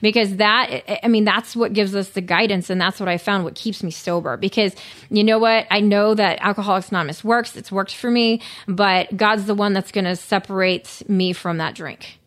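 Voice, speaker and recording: A woman's voice: mid-range voice, fairly even intonation, normal speed, fairly bright tone. Earnest rambling woman in casual chat. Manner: earnest, rambling, lots of fillers. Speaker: guest sharing recovery story.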